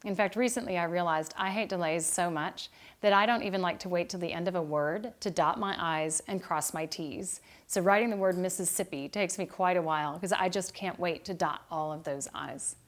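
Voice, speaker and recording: A middle-aged woman gives a calm devotional Bible study lesson. Her voice sits on the low side, and her delivery is gentle and unhurried. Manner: calm and gentle, growing quieter toward a meditative close. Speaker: Bible study author and teacher. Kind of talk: reflective devotional talk.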